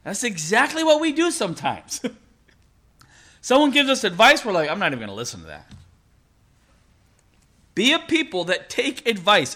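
A man's voice: very high voice, pushed and bright. A middle-aged man preaching a sermon as a pastor, in a conversational storytelling manner with frequent laughs.

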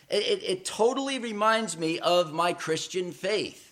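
A man with a notably high voice delivers a sermon from the pulpit of a church. His delivery is dramatic and emphatic, swelling to loud peaks and dropping to hushed, intimate lows. He repeats words as he builds momentum. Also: expressive, a little slow, hardly any pauses. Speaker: preacher.

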